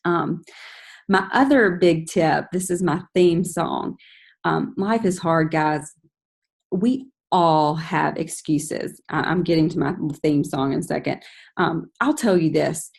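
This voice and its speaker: An energetic woman coaching her team on a call, her voice sitting a little low for a woman. She talks in a casual, motivational way and breaks into bright, chatty quoted messages. Her tone is encouraging and direct. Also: slow, creaky. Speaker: team leader giving sales tips.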